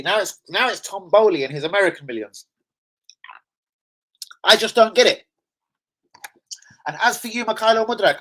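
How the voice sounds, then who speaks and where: On a live football fan stream, a man delivers an angry, profanity-filled rant, shifting between loud outbursts and low mutters.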